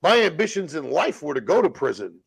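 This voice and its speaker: A man telling rough stories as a podcast guest, in blunt, profane street slang. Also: on the high side, sing-song, a little fast. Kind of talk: casual storytelling.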